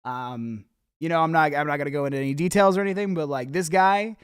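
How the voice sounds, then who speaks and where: A man's voice: on the high side, fast talker, smooth, no room sound, clean studio sound. A young man hosting a show, giving casual, encouraging feedback on rap entries, rambling with many restarts and swearing. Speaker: host. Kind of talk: casual feedback on music submissions.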